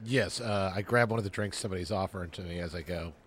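A man's voice: sits low, quick pace, a bit bright. A man playing his character in a tabletop game with a folksy drawl. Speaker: player.

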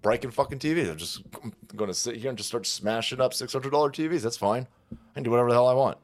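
A man mimicking a whiny, entitled young woman who shouts excuses, in a sneering tone. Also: medium pitch, fast talker, faint music behind, natural voice. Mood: mocking. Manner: sneering mockery.

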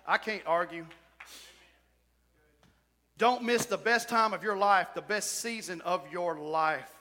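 A man preaching a sermon as pastor, with shouted whoops and emphatic repetition. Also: sits high, slow. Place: church sanctuary. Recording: church hall reverb.

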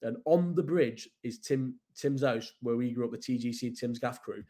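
A man's voice: medium pitch, normal speed, warm tone. A man from the Bolton area with a Bolton accent, hosting a casual live chat in a rambling, blunt and sweary way. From Bolton area, England.

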